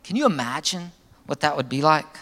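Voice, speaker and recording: Man preaching in a reverberant hall. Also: normal speed. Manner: animated preaching, pitch swinging up for emphasis and dropping low at phrase ends. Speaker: pastor. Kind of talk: sermon.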